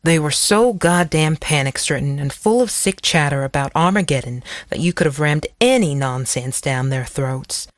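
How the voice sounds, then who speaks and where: A narrator voicing a grizzled, tired older male county sheriff who speaks bluntly and gruffly in an audiobook. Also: mid-range voice, expressive, moderate pace, few pauses, dry recording, natural voice. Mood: contemptuous.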